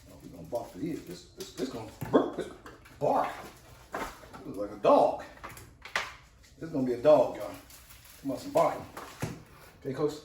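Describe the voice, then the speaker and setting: A man talks fast and keeps up an upbeat patter while he cooks outdoors, his voice roomy and a little distant from the camera. Clear background noise sits under everything he says. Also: mid-range voice, very animated. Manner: upbeat, chatty, repeats catchphrases, talks to viewers as "Cooks"; fast-talking. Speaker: home cook and channel host. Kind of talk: casual cooking vlog. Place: outdoors at a pellet grill.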